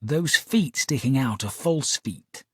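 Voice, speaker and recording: Casting: narrator as a curt, deadpan Victorian detective, husky and close to the mic. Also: male voice, mid-range voice, slow, no echo. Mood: dry dismissive. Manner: quiet, clipped, dismissive asides. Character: dry, sharp-eyed Victorian detective man. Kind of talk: audiobook character voice.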